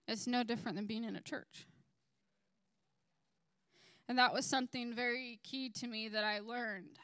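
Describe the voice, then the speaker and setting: A young woman gives a casual church testimony, telling an animated story packed with "like" and quoting people in different voices. Her voice is on the high side, clear and resonant, with no room sound.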